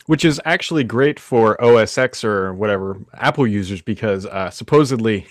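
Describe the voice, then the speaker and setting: A man with a fairly low voice co-hosts a casual tech talk, relaxed and conversational. His voice sounds dry and close, with no room around it. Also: normal speed, no room sound. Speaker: co-host.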